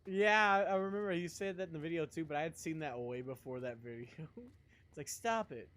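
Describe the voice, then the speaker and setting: Rambling young male streamer, slightly high. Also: fairly even intonation, fairly quick, a bit bright. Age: young adult. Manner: rambling, profane, laughs a lot. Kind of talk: casual live-stream chat.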